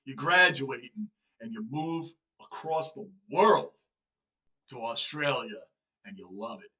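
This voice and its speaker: A man with a New York accent, chatting casually as he hosts a reaction video, excitable and full of self-questioning asides. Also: mid-range voice, unhurried, poor audio. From Northeastern United States.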